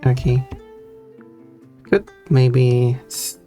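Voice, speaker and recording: A woman with an exceptionally deep voice chats with a streamer over a call. She makes dry, offhand quips, with faint music playing behind her. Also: very slow, warm tone. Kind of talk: casual chat on a live stream.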